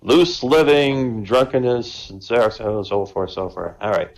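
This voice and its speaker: A man's voice: medium pitch, measured pace, rough recording. A man telling jokes at an online comedy show, chatty and conversational, raising his voice to act out characters. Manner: conversational, tags lines with "right?"; acts out characters with a raised voice.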